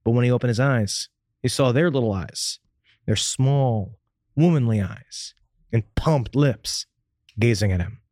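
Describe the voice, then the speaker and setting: A man's voice: medium pitch, unhurried, a little mellow, dry recording, studio quality. A man hosting a comedy podcast, reading a raunchy comic story aloud in a playful, theatrical way. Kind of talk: comic dramatic reading of erotica.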